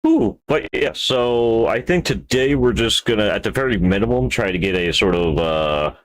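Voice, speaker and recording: A man's voice: lowish voice, lively intonation, moderate pace. A man streaming live while building a 3D model, talking to himself in a rambling, playful way with wordplay asides.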